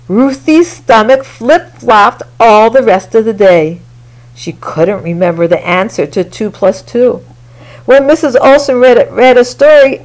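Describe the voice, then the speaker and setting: A woman reading a children's picture book aloud in a slow, expressive, sing-song way. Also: a little high, poor audio. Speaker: storyteller.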